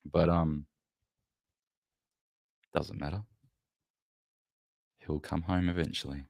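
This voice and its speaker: A man hosts a loose, meandering livestream, talking straight to his viewers and swearing freely. His voice sits very low, and the sound is dry and close, with no room echo. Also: fairly even intonation, slow pace, gravelly, a little mellow. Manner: rambling, loose and profane, chatting to viewers. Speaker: livestream host. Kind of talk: casual livestream chat.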